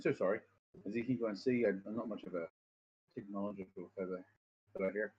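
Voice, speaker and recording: A man with a husky, somewhat low voice talks loosely through a voice-acting lesson on a stream. He rambles, curses freely and jokes at his own expense. The audio is dull and lo-fi. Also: steady tone, brisk. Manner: rambling, profane, self-deprecating. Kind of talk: casual voice-acting tutorial on stream.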